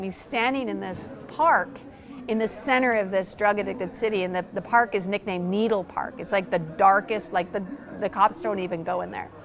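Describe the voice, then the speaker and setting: A woman pastor telling a story in conversation, animated and excited, acting out quoted lines, with frequent "like" fillers. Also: medium pitch. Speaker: pastor and church planter.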